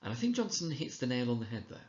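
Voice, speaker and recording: A man giving a recorded lecture, explaining in a measured way and reading quoted lines slowly and dramatically. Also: mid-range voice, big pitch swings, darkish tone, reverberant, dull audio. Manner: explanatory, measured, with occasional slips and restarts. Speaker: teacher trainer.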